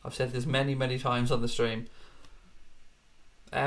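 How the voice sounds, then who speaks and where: A man's voice: medium pitch, level tone, normal speed, pauses often. A man in his thirties hosting a fan live stream, reading chat and answering in a blunt, chatty way, swearing freely and calling viewers mate.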